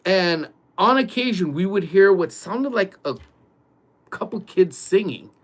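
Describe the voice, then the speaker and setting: A man vlogging from his workplace early in the morning, telling a ghost story in a loose, animated way full of "like" and "dude". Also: high-pitched, a little slow. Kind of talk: casual storytelling.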